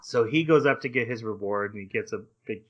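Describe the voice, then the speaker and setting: A man hosting a casual anime discussion podcast, retelling scenes with lively voice switches. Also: on the low side, muffled recording. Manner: animated retelling with quick voice switches. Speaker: podcast host.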